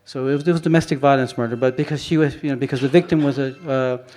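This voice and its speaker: Giving an informal talk about his photography in a conference hall, a man rambles, restarts frequently, and drops in many "you know" fillers. His medium-pitched voice is a little mellow and fairly even in intonation, quick-paced, with slight background noise.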